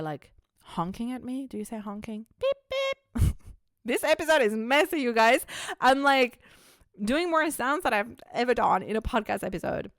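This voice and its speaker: A woman's voice: mid-range voice, no echo, clean studio sound. Candid, chatty woman podcast host. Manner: chatty and candid, swears freely, many "like" fillers. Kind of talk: casual confessional podcast talk.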